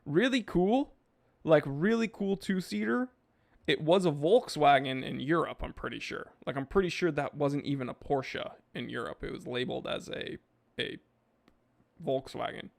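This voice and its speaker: A man's voice: fairly high pitch, moderate pace, vocal fry. A man hosting a podcast, reading chat and rambling casually in laid-back slang.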